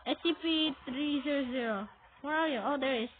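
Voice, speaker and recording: A woman's voice: high voice, fairly quick. A woman chatting casually while playing a game, asking short questions over and over and yelping when scared. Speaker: gamer playing with a friend. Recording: tinny phone-like audio with faint hiss.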